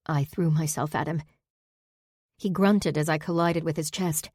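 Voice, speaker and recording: A woman's voice: low voice, steady tone, unhurried, pauses often, darkish tone, dry recording. A woman narrating a first-person fantasy audiobook with intimate, emotional storytelling on a close studio mic.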